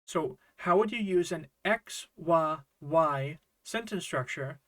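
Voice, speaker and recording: Man chatty online Japanese tutor, higher voice. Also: expressive, slow pace, fairly bright tone. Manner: friendly, chatty explaining with small fillers and asides. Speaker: Japanese language teacher. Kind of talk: casual online grammar lesson.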